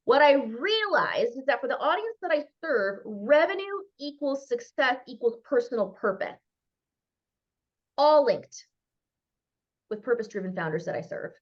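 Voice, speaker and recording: Animated woman giving a brand workshop. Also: high voice, normal speed, muffled recording. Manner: animated, acts out quotes. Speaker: expert speaker on brand messaging. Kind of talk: lively workshop talk on a video call.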